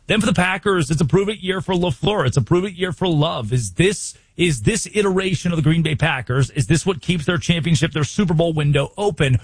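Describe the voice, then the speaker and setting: A man's voice: a little high, breathy edge, no echo. A young American man hosting a sports talk show, emphatic and full of rhetorical questions. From United States. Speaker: sports radio host.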